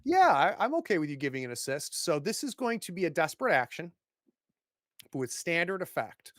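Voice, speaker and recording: A man narrating a tabletop game as game master, animated and laughing often. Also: a little high, fairly quick, no room sound, studio quality.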